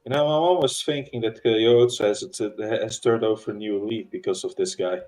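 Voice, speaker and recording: A man chatting casually while a friend plays a game, explaining things in a calm, wry way. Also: fairly low pitch, moderate pace, rough recording. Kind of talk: casual gaming chat.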